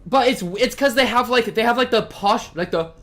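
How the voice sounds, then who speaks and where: A man's voice: very high voice, normal speed, faint music behind. A man streaming a game reading, rambling and joking in casual commentary. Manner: excitable, rambling, self-mocking.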